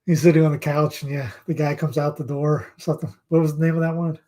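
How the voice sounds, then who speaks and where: A man co-hosting a casual podcast, speaking haltingly, repeating himself while searching for words. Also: on the high side, steady tone, warm tone. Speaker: co-host.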